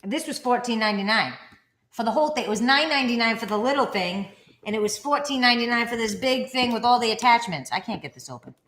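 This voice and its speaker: Talking fast in a voice on the high side, a woman co-hosts a casual vlog and spins stories. She animatedly voices the characters' quotes in a raised voice, with echo from the room around her.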